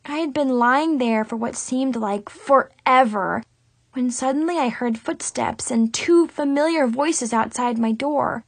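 Woman narrator, high and unhurried, dramatic first-person teen read, dry close sound. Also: no room sound. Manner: dramatic, expressive teen-girl voice. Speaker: audiobook narrator.

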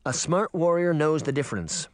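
A man narrating an audiobook with expressive, dramatic storytelling. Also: on the high side, normal speed, no room sound, clean studio sound. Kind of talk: audiobook reading.

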